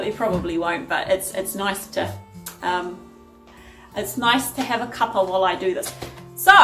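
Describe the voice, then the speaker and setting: A woman's voice: medium pitch, fairly bright tone, roomy sound. A woman vlogging from home in a chatty, rambling way as she sorts DVDs. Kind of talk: casual chat. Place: at home sorting a DVD collection.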